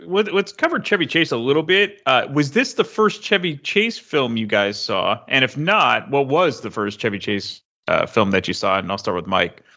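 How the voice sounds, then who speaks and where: A man hosts a podcast, putting questions to his guests. His voice is bright and lively with plenty of pitch movement. The recording sounds dull and lo-fi. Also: moderate pace, hardly any pauses. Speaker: podcast host. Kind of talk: hosting a casual podcast.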